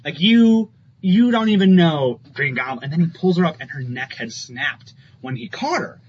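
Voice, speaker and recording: A little high, husky, and animated at normal speed, this man's voice carries a casual, enthusiastic podcast conversation about comic books that he co-hosts, full of laughter. Faint ambient noise sits under a slightly dull recording.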